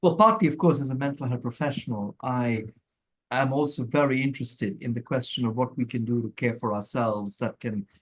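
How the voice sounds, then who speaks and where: Middle-aged guest from India, reflective and measured, restarts often mid-thought. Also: male voice, mid-range voice. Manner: thoughtful, measured, with frequent restarts and light laughs. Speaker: guest, mental health professional. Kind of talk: conversational interview answers.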